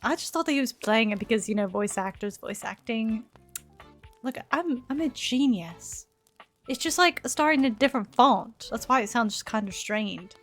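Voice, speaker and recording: A woman's voice: fairly high pitch, expressive, moderate pace, faint music behind. A young woman streaming a dating game, chatting, giggling and bantering back at the characters. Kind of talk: live game streaming commentary.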